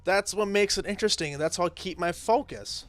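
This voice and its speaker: A man's voice: high voice, fairly quick, fairly bright tone, soft background music. A man hosting and commenting on role-play stories in casual, emphatic talk, repeating himself for effect.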